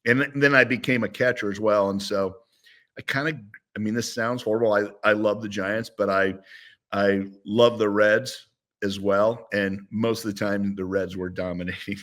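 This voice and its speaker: This man in his sixties, once a football player, speaks at a moderate pace in a fairly low voice. Appearing as a guest in a relaxed interview, he spins animated stories that ramble and restart.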